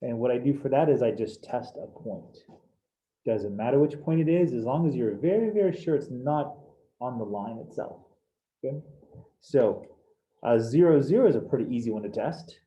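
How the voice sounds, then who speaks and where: A man's voice: mid-range voice, animated, moderate pace, dark tone, muffled recording. A man teaching a math class, explaining steps in an upbeat, casual way with bits of slang. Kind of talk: live algebra class over video call. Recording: echoey room with faint noise.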